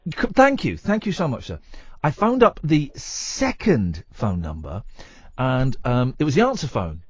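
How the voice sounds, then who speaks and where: Playful radio host, lively voice. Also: male voice, mid-range voice, husky, no room sound, studio quality. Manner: playful, teasing, quick to joke. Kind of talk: casual radio chat.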